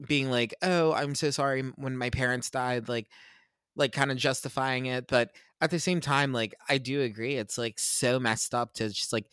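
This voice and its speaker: A man's voice: mid-range voice, steady tone, moderate pace, a bit bright, clean tone, no room sound. A man joins a podcast as a guest and talks loosely about a film, stumbling and restarting his sentences. His voice sits in a mid range, and the sound is dry and close. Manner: hesitant restarts, chatty. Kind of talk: casual film chat.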